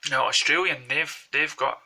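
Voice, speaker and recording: A man's voice: a little high, moderate pace, pushed and bright, poor audio. A man with a Glaswegian accent from Scotland, rambling through casual anecdotes as a vlogger. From Glasgow, Scotland. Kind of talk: casual chat to camera.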